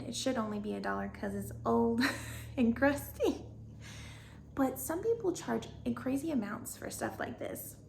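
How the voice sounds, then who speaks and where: A woman's voice: a little high, gravelly, slight background noise. A young woman with a Southern US accent, chatting casually and bubbly in a home decor vlog, laughing often.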